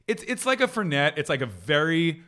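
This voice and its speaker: A man casually chatting on a podcast, animated and profane, dropping into quick voices for other people. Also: a little high. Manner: animated, swearing, quick impressions. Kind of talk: casual chat.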